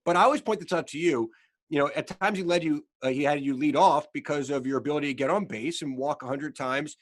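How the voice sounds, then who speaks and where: A man's voice: a little high, fast. A male podcast host posing conversational questions to a guest. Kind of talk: interview questions.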